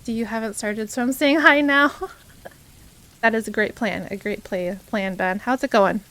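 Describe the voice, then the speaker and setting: A woman's voice: on the high side, normal speed, fairly bright tone. A young woman streaming live, chatting casually and cheerfully with her viewers, greeting them by name and laughing often. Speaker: variety streamer.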